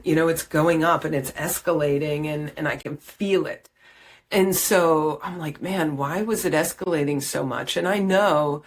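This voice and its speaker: A woman's voice: low-pitched, breathy edge. A middle-aged woman speaking as a parenting coach, talking candidly and conversationally with many fillers and restarts. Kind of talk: casual reflective talk to camera.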